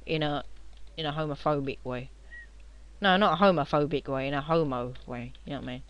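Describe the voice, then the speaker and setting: A young man, rambling and joking as he narrates his own computer game, now and then shouting at enemies. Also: a little high, fairly quick. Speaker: gamer playing on video. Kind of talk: casual game commentary.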